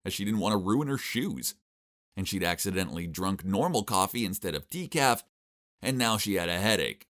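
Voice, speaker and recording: A young man giving wry, exasperated first-person narration of an animated story. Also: mid-range voice. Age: young adult.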